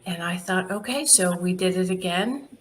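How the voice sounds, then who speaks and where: Middle-aged woman, charity founder guest, lively anecdotes, slightly low pitch, faint background noise. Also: normal speed. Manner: lively anecdotal, laughs often, acts out quoted dialogue. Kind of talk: casual interview storytelling.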